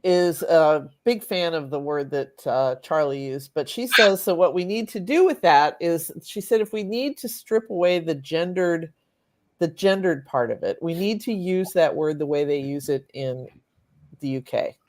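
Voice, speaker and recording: A woman's voice: sits low, animated, moderate pace, darkish tone. A woman journalist speaks bluntly on a casual panel, laughing often as she makes her point.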